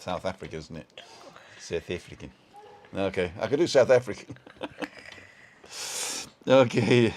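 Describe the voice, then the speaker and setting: Middle-aged man, low voice, loose live-stream host chatting to viewers from home. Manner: rambling, greets viewers by name, chuckles often. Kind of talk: casual live-stream chat.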